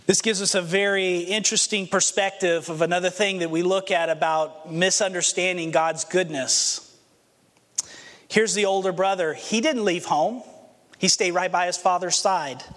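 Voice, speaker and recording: Male pastor, sermon, earnest storyteller, high voice, long church reverb. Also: fairly even intonation, normal speed, fairly bright tone. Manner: earnest, storytelling, acts out the scenes.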